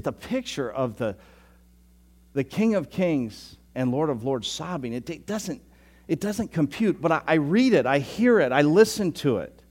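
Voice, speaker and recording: A man's voice: medium pitch, darkish tone. A middle-aged man preaching a sermon as pastor, casual and self-deprecating, rising to emphatic passages.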